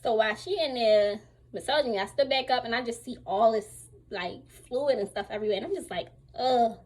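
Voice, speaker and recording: A young woman telling a casual storytime to her viewers, candid and slangy, animated as she retells what happened. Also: on the high side, a little fast, low-quality recording. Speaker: vlogger.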